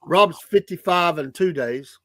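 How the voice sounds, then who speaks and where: A man's voice: high-pitched, a little slow, fairly bright tone, dry recording. Teasing man in his sixties, dry sound. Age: 60s. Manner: teasing, easygoing. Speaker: show co-host. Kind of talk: casual chat.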